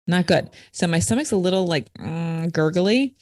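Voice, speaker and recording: A woman co-hosts a podcast in a relaxed, chatty way. She laughs easily and keeps the talk moving with short replies. Her voice is recorded close and dry. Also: fairly low pitch, no room sound. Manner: easygoing, laughs often, quick back-channel replies. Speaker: podcast co-host. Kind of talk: casual chat.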